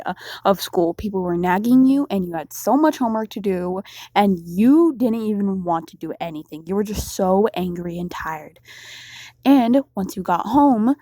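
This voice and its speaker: A woman's voice: medium pitch, mellow, dry recording. A woman narrating an unscripted self-insert story in a casual, rambling way, with fillers and restarts.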